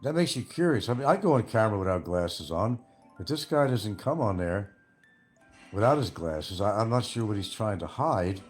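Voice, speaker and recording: A man's voice: fairly low pitch, expressive, normal speed, soft background music. A man hosting a casual livestream and answering viewer comments in a blunt, profane, combative way. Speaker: livestream host.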